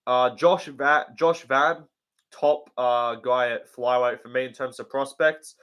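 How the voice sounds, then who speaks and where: A man hosts a casual live stream and answers viewer questions. He talks bluntly and swears often. His delivery rambles, with plenty of ums and likes, at an ordinary mid-range pitch. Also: fairly even intonation, a little slow, a bit bright, clean tone. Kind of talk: casual livestream chat.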